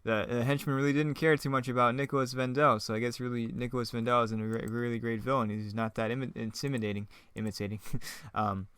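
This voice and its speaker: A man riffs casually on his own old script, chuckling often and poking fun at it in a loose, rambling way. His mid-pitched voice is smooth and clear. The sound is close and dry. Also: little pitch movement, quick pace, a bit bright, no echo. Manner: laughs often, rambling, self-mocking. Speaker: online video creator.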